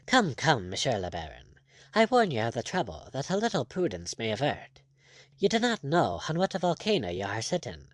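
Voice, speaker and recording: Bold, ironic buccaneer captain, blunt and firm; read by a male narrator. Animated, dry recording. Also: medium pitch, normal speed, dry recording.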